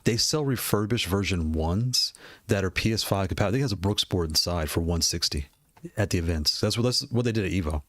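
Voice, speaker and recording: A gaming hardware video creator with a deep, fairly bright voice talks casually about game controllers while browsing, speaking fast and animated in a dry recording. He rambles, repeats himself, and laughs often.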